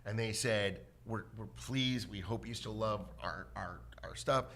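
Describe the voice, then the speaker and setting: A man with a somewhat low but bright, forward voice holds forth in a loose podcast conversation. He tells stories and slips into voices for the people he quotes. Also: unhurried. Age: adult with a son. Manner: storytelling, acts out voices in quotes. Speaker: podcast co-host. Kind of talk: casual panel chat.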